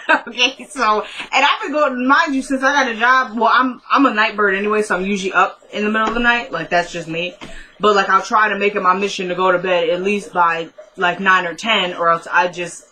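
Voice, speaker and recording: A woman's voice: medium pitch, moderate pace, bright, forceful tone, slight background noise, low-quality recording. A young woman recapping a TV episode in casual chat, talking straight to her viewers and laughing often. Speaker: TV recap vlogger.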